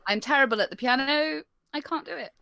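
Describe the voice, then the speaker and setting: A woman's voice: sits high, fast, gravelly, pushed and bright. A woman co-hosting a casual podcast chat in a wry, laid-back way. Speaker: podcast co-host.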